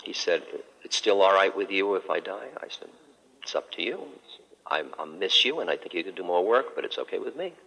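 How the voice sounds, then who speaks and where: An older man with a low, deep voice that carries a bright edge tells stories slowly and gently. He speaks like a spiritual teacher giving a talk, breaking now and then into soft laughs. His voice rings through a hall with a long reverb. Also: lively intonation, creaky. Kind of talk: storytelling talk.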